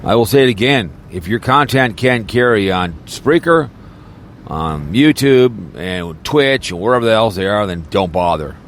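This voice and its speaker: A man's voice: on the low side, lively intonation, normal speed, a little hiss or hum. A man podcaster in a rambling, crude and mocking casual rant, talking from a car. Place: in a car, snowy weather.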